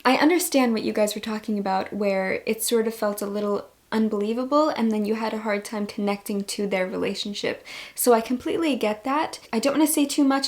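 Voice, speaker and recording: A young woman talks straight to her viewers in a relaxed book review vlog. Her voice sits a little high, and she gushes about every story she loved. The tone stays friendly and chatty throughout. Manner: gushing, enthusiastic. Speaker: book vlogger.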